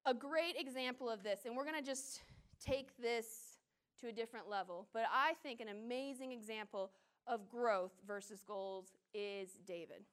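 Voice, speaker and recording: Lively high-voiced woman preaching. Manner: lively, laughs at herself, acts out scenes in quick voices. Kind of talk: casual sermon with scripture reading.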